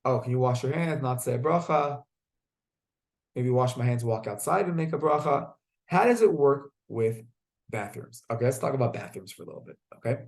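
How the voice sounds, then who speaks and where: Lively teacher with a gravelly voice. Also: male voice, medium pitch, normal speed. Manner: lively, asks the class questions. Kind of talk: classroom lesson with storytelling. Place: classroom.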